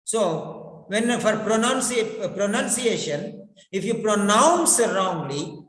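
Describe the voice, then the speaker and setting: Male pronunciation teacher, slow and high-pitched, drilling words by repetition, long echoing reverb. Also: fairly bright tone. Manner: deliberate, repeats words over and over to drill them. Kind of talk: classroom lecture with repetition drills. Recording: echoey room with long reverb.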